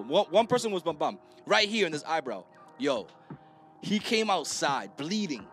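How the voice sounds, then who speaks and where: A man with a fairly high voice hosts a loose podcast conversation, his pitch jumping all over as he tells stories. He laughs through his own tales and acts out the people in them. Soft music plays underneath. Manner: animated storyteller, laughing, acting out voices. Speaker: podcast host. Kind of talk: casual chat.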